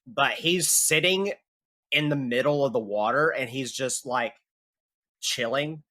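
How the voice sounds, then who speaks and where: A man's voice: medium pitch, unhurried, sharp tone, no room sound. A man narrating a tabletop game as game master, casual and loose, with lots of "like" fillers.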